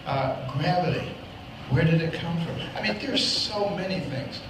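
A man's voice: on the high side, lively intonation, normal speed. A man giving a meandering, folksy speech, heard as a played clip. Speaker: political candidate in archive clip. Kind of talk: rambling public speech. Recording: echoey noisy clip from a live event.

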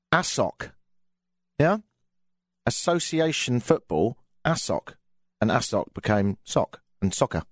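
A man's voice: on the low side, no echo, clean studio sound. An English man hosting a live radio show, chatting casually with a sardonic, jokey tone and lots of fillers. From England. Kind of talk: casual comedic radio monologue.

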